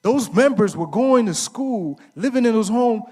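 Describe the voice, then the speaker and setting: Animated man speaking at a men's conference. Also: high voice, measured pace. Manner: storytelling, asks the audience questions and answers them; casual, uses slang and fillers like "right?".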